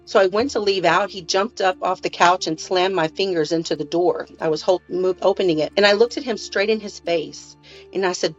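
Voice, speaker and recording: A woman speaking as an interview guest, telling her personal story in a halting way with restarts and repeated words. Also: fairly low pitch, lo-fi sound, soft background music.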